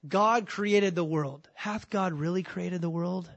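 A man preaching a sermon as pastor, emphatic and repeating words as he starts a thought, slowing down to read scripture. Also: sits high, dull audio.

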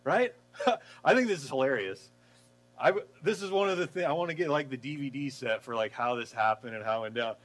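A man preaching a casual, lively sermon, acting out the story and laughing along. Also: mid-range voice, quick pace, faint music behind, rough recording. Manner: animated storytelling, acts out voices, laughs. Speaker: pastor.

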